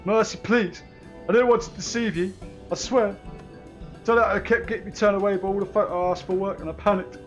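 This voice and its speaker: A man's voice: high voice, steady tone, fairly quick, muffled recording, soft background music, pitched above the performer's own voice, natural voice. A man reading game lines aloud, voicing a panicky male sellsword who begs for mercy in a put-on Scottish accent. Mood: pleading. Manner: whining, begging, rambling.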